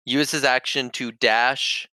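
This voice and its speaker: A man's voice: medium pitch, steady tone, slow pace, sharp tone, dry recording. A man playing a tabletop game, thinking aloud through his character's movement with fillers. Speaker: player. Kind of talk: describing his character's moves.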